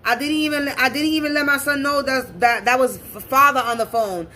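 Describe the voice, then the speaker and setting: A woman's voice: fairly high pitch, lively intonation, moderate pace, long pauses, a bit bright, a little hiss or hum. A woman telling a personal story in a casual, blunt and profane way, repeating points for emphasis. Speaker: spiritual reader and channel host.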